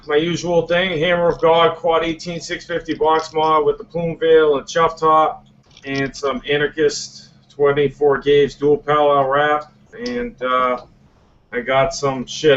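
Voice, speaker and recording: A man's voice: on the high side, steady tone, unhurried, a bit bright. A man with a Boston accent, a guest reviewer in casual podcast chat, easygoing and full of fillers. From Boston, USA. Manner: easygoing, hesitant with many fillers, swears casually. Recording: muffled lo-fi with faint hiss.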